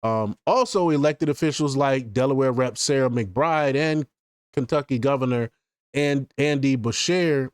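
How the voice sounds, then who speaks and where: A male commentary host reads news quotes and adds his own laughing remarks. His voice sits at a medium pitch, and the recording is dry with no room echo. He stumbles and repeats words now and then. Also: measured pace, clear, resonant tone.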